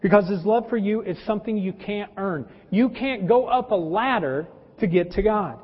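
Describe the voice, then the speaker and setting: Male pastor, high-pitched, folksy storytelling sermon; lo-fi sound with long church reverb. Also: moderate pace, slightly rough. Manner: folksy, addresses listeners as folks; personal anecdotes and humor. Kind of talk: conversational sermon. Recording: dull lo-fi with long hall reverb.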